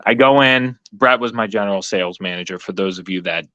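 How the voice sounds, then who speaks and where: A man co-hosting a casual live chat, telling stories in an animated, profane way with lots of laughter. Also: lowish voice, brisk, no room sound, dull audio. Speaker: co-host.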